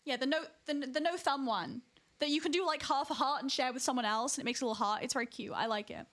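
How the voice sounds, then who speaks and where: A woman's voice: high-pitched, fast, a bit bright. A woman live-streaming alone from her room, chatting casually to viewers in a rambling, giggly way with frequent restarts.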